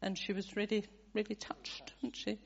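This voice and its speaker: A woman telling a church gathering about praying with someone, softly and turning to others for agreement. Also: medium pitch, level tone, moderate pace, vocal fry, husky, dull audio. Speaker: church member sharing a testimony. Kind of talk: casual storytelling to a congregation.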